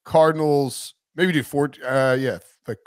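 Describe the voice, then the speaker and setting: A man's voice: fairly high pitch, steady tone, unhurried, clear, resonant tone, no echo, clean studio sound. A man hosting a casual sports podcast, thinking aloud in a jokey, rambling way. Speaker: podcast host.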